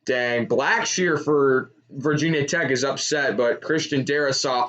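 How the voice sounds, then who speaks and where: A young man giving live reaction commentary on a college football game, excitable and shouting at big plays. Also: mid-range voice, a little slow, few pauses. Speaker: sports streamer.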